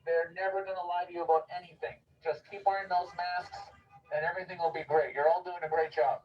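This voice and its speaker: A man doing a sarcastic, deadpan street comedy monologue outdoors on a city street, repeating exhortations to a passing crowd. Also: high-pitched, fast, highs cut off, faint music behind. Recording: distant outdoor street recording.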